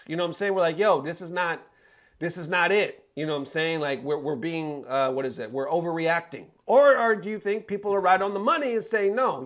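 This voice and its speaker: High-voiced man hosting a casual commentary. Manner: animated, slangy, talks straight to the audience. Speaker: commentary show host.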